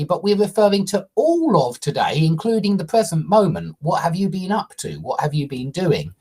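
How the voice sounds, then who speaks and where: An English grammar teacher walks through a tense step by step, stressing the key points and frequently checking in with "okay?" or "yeah?". The voice is husky, medium in pitch, with a darkish tone.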